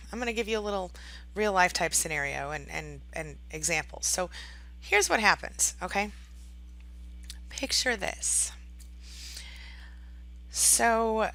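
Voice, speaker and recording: Chatty woman coach, bright tone with some fry, acts out quotes. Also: lowish voice. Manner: chatty, tags sentences with "right?" and "okay?"; acts out quoted voices dramatically. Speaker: online coach for abuse survivors. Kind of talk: direct-to-camera advice talk.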